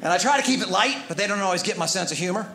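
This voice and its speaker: A stand-up comedian with a slightly high voice tells animated stories about coaching and parenting. He slips into the voices of the people in his stories. The sound is roomy, with a live audience clearly audible. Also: very fast, slight background noise. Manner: animated storytelling, acts out his son and other parents. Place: theater stage before a live audience. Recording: roomy hall with audience laughter. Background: crowd laughter.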